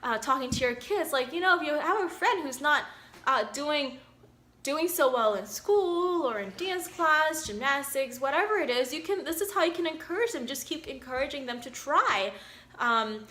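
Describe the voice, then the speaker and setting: A woman's voice: on the high side, a little hiss or hum. A woman, a doctor and mother, reading a picture book aloud and chatting about it in an encouraging manner. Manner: chatty, warm, encouraging, many fillers. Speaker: physician reading to children.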